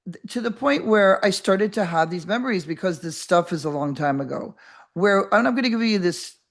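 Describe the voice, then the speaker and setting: An older woman hosting a podcast, telling a story in a rambling, animated way with many restarts and acted-out voices. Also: mid-range voice, brisk. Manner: animated, acts out quoted voices. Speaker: podcast host. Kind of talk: casual storytelling monologue.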